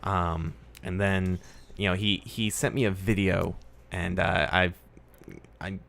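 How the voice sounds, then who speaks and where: A man voicing a tough but uneasy young woman who talks in halting, hesitant bursts. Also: low voice, flat delivery, gravelly, fairly bright tone, full character voice.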